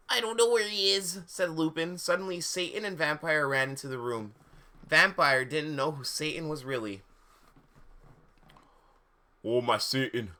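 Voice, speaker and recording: With a bright, forceful, mid-range voice, a man reads fan fiction aloud on a live stream as a mocking dramatic performance. He keeps interrupting himself with sarcastic, disbelieving asides.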